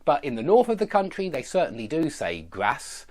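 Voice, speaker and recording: A man with a Southern English accent teaching pronunciation, drilling word lists with slow, exaggerated enunciation and checking in with "yeah?" and "okay?". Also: a little high, very animated, darkish tone. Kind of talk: online pronunciation lesson.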